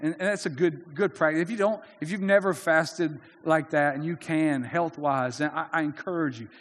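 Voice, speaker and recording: A man's voice: a little high, big-room sound. A man preaching a sermon in an earnest, conversational way, often restarting his sentences. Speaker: pastor.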